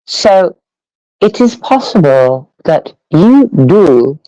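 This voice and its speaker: A man's voice: sits high, very animated, very slow, warm tone, no room sound, dull audio. A man hosting a live audio panel, ranting in a rambling, profane, sarcastic way at listeners. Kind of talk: ranting casual monologue.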